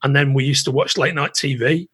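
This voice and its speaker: A British man hosting a podcast, telling a long anecdote in an animated way with lots of restarts. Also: medium pitch, fairly quick, breathy edge, no echo. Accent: British English. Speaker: podcast host. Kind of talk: casual storytelling chat.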